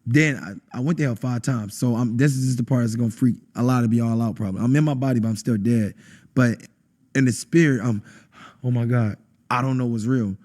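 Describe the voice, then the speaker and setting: A man, a podcast guest telling an intense personal testimony and acting out quotes with sudden high bursts. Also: a little fast, mellow. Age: adult, has a wife. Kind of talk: emotional testimony in conversation.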